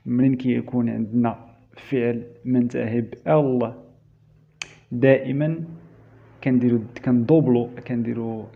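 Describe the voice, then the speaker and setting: A man teaching an English grammar lesson, repeating each verb form slowly and switching into Darija to explain. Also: medium pitch, creaky. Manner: drills word forms slowly, repeating each one. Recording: dull, lo-fi sound.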